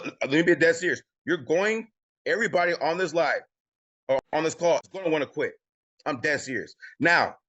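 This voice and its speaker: A credit coaching host, an adult with children, leads a live group video call with motivational talk, emphatic and repetitive and often adding "y'all." His voice is a little high and a bit bright.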